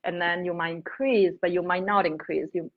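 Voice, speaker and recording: A woman interviewer with an Italian accent, asking questions in a lively, halting way with frequent restarts. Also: lowish voice, phone-quality sound. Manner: animated, halting, many restarts and "like" fillers. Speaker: interviewer, host. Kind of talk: casual interview chat.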